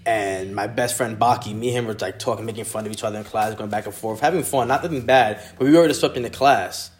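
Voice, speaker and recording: A young adult man telling a personal story in a casual, animated way. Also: lowish voice, fast. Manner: animated storyteller, laughs easily.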